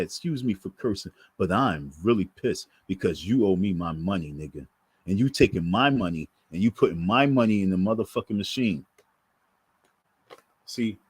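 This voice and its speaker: A man's voice: on the low side, slightly rough, no room sound. A man ranting to camera in a profane, scolding monologue, hammering his points through repetition. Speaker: vlogger.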